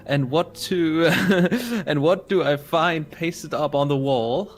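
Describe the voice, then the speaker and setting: A man's voice: on the high side, slow, soft background music. A man reading the lines of a young male medical student in a game, in a dry, lightly amused way, close to his own voice. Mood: gossipy. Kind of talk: reading game dialogue aloud.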